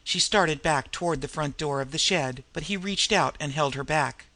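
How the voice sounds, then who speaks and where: A man reading a novel aloud as audiobook narration, measured and expressive. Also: fairly high pitch. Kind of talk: scripted narration.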